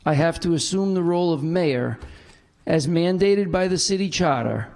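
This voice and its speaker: A man serving as council president, chairing a formal public meeting and reading a prepared statement with slow, deliberate emphasis. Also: fairly high pitch, expressive, darkish tone. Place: council chamber.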